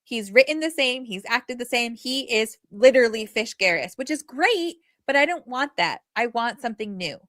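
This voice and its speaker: A woman co-hosting a podcast in casual chat, animated and rambling with many fillers. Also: on the high side, moderate pace, hardly any pauses, dry recording, clean studio sound. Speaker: podcast co-host.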